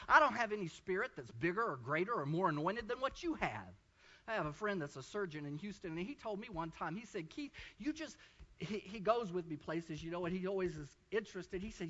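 A male preacher delivering a fervent sermon, often breaking into shouts of praise. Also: sits high, very animated, brisk, lo-fi sound. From Texas.

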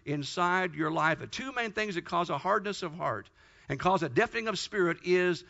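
Male preacher, fervent and emphatic, high-pitched, muffled lo-fi sound. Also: expressive, normal speed, creaky, bright, forceful tone. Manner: fervent, emphatic retelling of Bible stories. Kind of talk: sermon. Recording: dull lo-fi recording.

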